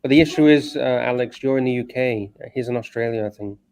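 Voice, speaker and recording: A man co-hosting a casual livestream chat, animated and prone to rants and laughter. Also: medium pitch, quick pace. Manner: animated, ranting, laughs easily. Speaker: co-host.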